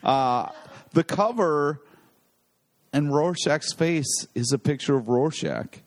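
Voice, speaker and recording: A man's voice: a little high, slow pace. A man co-hosting a comic podcast, sarcastic, swearing and laughing often. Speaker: podcast co-host. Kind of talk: casual podcast chat.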